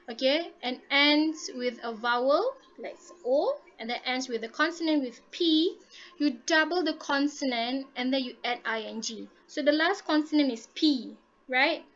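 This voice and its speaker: High-voiced teacher, lo-fi. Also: female voice, animated, unhurried, fairly bright tone. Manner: patient, repeats and checks understanding with "okay?". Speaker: English teacher. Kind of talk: online classroom lesson. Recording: dull lo-fi audio.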